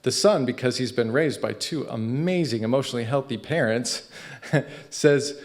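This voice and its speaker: A man giving an inspirational talk at a spiritual center, conversational and animated, often laughing. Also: mid-range voice, moderate pace.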